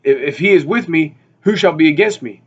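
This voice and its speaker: Rambling man teaching the Bible, slightly high. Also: brisk, husky, dull audio. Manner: rambling, filler-heavy, repeats words. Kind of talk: casual Bible study talk.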